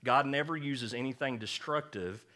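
A man's voice: medium pitch, moderate pace, pushed and bright. A man preaching a sermon as pastor, emphatic and folksy, mixing jokes with insistent points.

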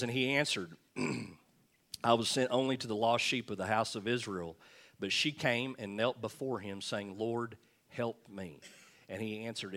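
Low-voiced man preaching a folksy sermon. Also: fairly bright tone. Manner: folksy, joking, reads scripture aloud. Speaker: pastor.

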